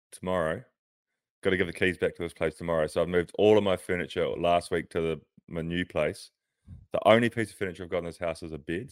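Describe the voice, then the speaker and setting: A man's voice: low-pitched, no echo, clean studio sound. A man co-hosting a podcast in casual chat, rambling and laughing often, talking from a near-empty house while sitting on a bed. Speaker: podcast co-host, pro cyclist.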